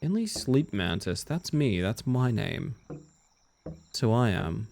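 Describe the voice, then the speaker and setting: A male game streamer talks casually through a live play session. His voice sits on the low side but swings widely in pitch as he reacts. He answers chat and comments on the game as he goes. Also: very animated, slow pace, vocal fry, a little mellow.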